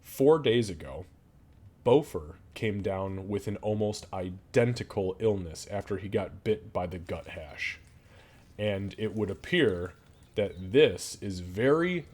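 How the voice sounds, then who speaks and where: A man's voice: low voice, darkish tone. A man narrating and ruling as dungeon master of a tabletop game, rambling loosely with fillers and the odd swear.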